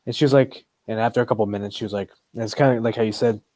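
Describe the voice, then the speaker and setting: A man with a very low voice, hosting a casual podcast. He rambles and restarts his sentences often, drifting from thought to thought. His voice is recorded dry and close. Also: fairly even intonation, racing, darkish tone, no echo. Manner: rambling and loose, full of fillers and restarts. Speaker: podcast host.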